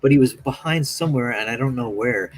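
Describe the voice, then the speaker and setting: A man's voice: mid-range voice, fairly quick, low-quality recording. A man in casual chat while drawing on stream, telling stories animatedly and acting out quotes with a raised voice. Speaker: streaming artist.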